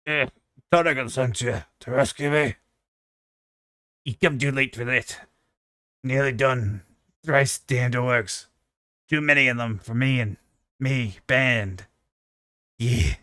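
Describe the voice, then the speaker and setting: A man's voice: mid-range voice, slow pace, pauses often, bright, forceful tone, no echo, clean studio sound. A man voicing a wounded male dwarf warrior who is grim and near death, using old-fashioned dwarf speech as he reads game dialogue aloud.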